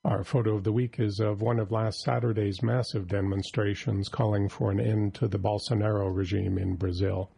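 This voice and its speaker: A man reading a scripted labor news report in a steady delivery. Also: fairly low pitch, normal speed, gravelly, hardly any pauses, husky, dry recording.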